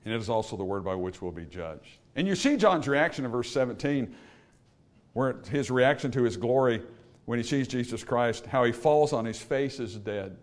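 Guy preaching a sermon, mid-pitch voice, goes soft then booming, asks the church questions. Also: animated, normal speed. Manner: swings from quiet to loud emphatic preaching; rhetorical questions to a congregation.

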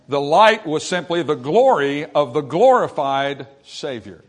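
A man's voice: fairly high pitch, lively intonation, unhurried, few pauses. Man preaching with rising emphasis. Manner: preaching with swelling emphasis and folksy asides. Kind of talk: sermon.

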